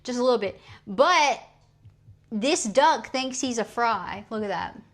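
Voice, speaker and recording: A woman's voice: a little high, lively intonation, unhurried. A young woman streaming live, chatting casually and laughing at her own mistakes while she practices French phrases. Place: at home streaming. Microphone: streaming mic.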